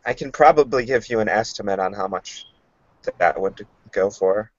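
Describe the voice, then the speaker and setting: Male player, lowish calm voice, measured, dry dull recording. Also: no room sound. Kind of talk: casual tabletop role-play.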